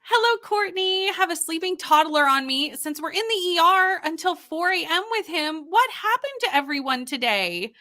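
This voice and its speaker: Bright high-voiced woman hosting a chatty stream. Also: animated, moderate pace, hardly any pauses. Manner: chatty and warm toward viewers, greets them by name. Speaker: host of a reading livestream. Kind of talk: casual livestream chat, reading out viewer comments.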